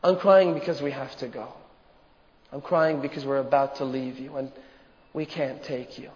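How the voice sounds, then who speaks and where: A preacher acting out a grieving father who gently tells his daughter he cannot take her. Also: medium pitch, steady tone, normal speed, voice pushed down, natural voice. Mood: tender. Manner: soft, tender, breaking with emotion. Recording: muffled recording in a reverberant hall.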